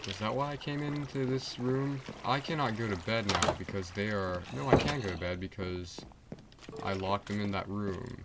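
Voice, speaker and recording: A teenage male streamer rambling casually while playing a game, full of fillers and restarts. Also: on the low side. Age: teens. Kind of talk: rambling gameplay livestream chat. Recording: loud background noise.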